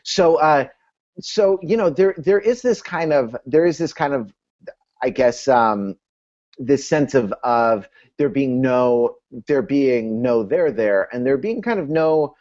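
A man's voice: medium pitch, expressive, slow pace, a little mellow, highs cut off. A man hosting a casual analytical discussion over a video call, talking in an academic way with many restarts.

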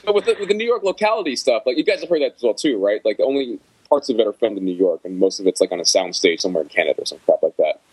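A man's voice: on the low side, animated, very fast, hardly any pauses, darkish tone, breathy edge, poor audio. A man on a podcast panel, chatting casually, rambling and self-deprecating.

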